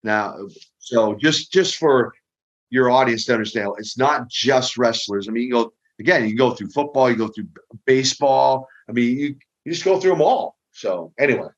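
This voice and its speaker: An older man, a guest on an interview show, telling lively stories and often repeating his words as he goes. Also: mid-range voice, normal speed. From Minneapolis, US Midwest. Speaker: guest, retired pro wrestler. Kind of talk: casual storytelling interview. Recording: dull lo-fi audio.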